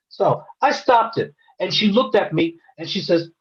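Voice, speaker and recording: A man's voice: high-pitched, animated, normal speed, hardly any pauses, breathy edge. An American man earnestly telling a personal story, retelling scenes through quoted dialogue. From United States. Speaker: interviewee. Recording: dull lo-fi recording.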